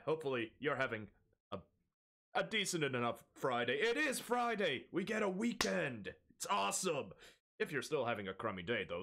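A young male streamer opening his stream with loose, rambling chat. He laughs a lot, breaks off into self-mocking jokes, and sounds wired on an energy drink. His voice sits at an ordinary pitch for a man. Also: a bit bright.

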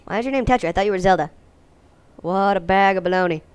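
A woman's voice: fast, smooth. Goofy young woman gaming commentary. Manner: goofy, jokey, bursts into silly high voices. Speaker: let's play host. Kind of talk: gameplay commentary.

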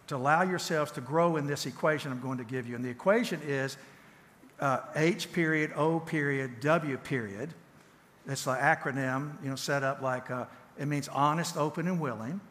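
A man's voice: a little high, a bit bright. Southern man teaching in a reverberant church. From Tennessee, USA. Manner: folksy, conversational, repeats words and restarts. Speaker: guest speaker and counselor. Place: church sanctuary.

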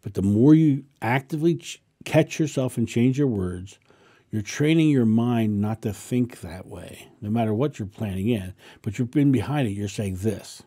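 A man who is a spiritual teacher, calmly answering a viewer's question in a casual monologue and repeating affirmations as he explains. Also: on the low side, moderate pace, breathy edge.

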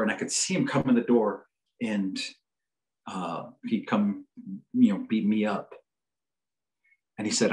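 A male psychologist giving a lecture. He tells a story in a joking, animated way. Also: medium pitch, poor audio.

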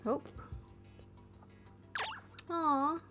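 A woman commenting on her own playthrough in a casual, chatty way, exclaiming over whatever catches her eye. Her voice sits high, and faint music plays underneath. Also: fairly even intonation, drawn-out words, bright, forceful tone. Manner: chatty, easily delighted. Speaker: let's play commentator.

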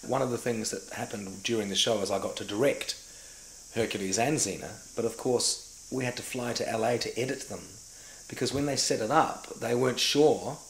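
A middle-aged man with a New Zealand accent, an actor and director telling lively anecdotes about his career in an interview. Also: medium pitch, normal speed, slight background noise. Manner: animated storyteller who acts out remembered dialogue. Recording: echoey room with faint ambience.

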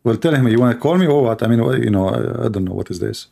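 Gravelly man. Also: medium pitch, animated, fast, dark tone. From Arab world. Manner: emphatic, repetitive, heated. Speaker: Christian apologist host. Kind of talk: livestream commentary.

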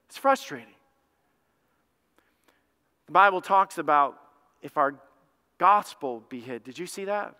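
Bright-voiced pastor in a reverberant hall. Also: male voice, sits high, a little slow, pauses often, clear, resonant tone. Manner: animated, acts out both sides of his own story. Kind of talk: storytelling sermon. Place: church sanctuary.

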